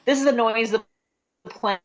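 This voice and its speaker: A middle-aged woman comedian telling stories in a rambling, chatty way with quick asides, over a video call. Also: on the high side. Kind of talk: casual comedic storytelling. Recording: slightly dull video-call audio.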